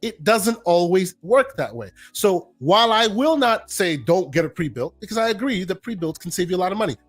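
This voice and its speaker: A man's voice: sits high, very animated, fairly quick, soft background music. A man co-hosting a gaming podcast, arguing his point insistently and repeating words when cut off. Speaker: podcast co-host. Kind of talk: casual podcast debate.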